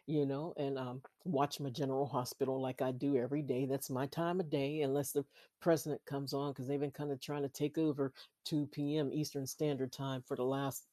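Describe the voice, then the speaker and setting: Mellow, rambling Christian podcast host. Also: medium pitch, no room sound. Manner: rambling, repetitive, preachy with frequent amens. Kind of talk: casual Christian podcast talk. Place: sitting on a bed at home at night. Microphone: laptop.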